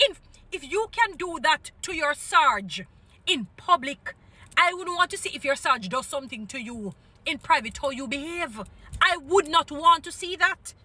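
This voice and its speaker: A woman's voice: sits high, lively intonation, normal speed, sharp tone. A middle-aged woman with a Jamaican accent, ranting in an indignant, scolding commentary and repeating her points.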